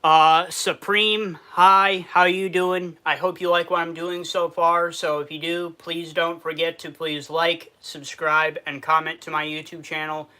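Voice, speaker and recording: A man's voice: a little high, level tone, a little slow, hardly any pauses, pushed and bright, clean tone. A man from Western New York with a New York accent, hosting a casual food review livestream, reading viewer comments aloud and answering them, sad underneath.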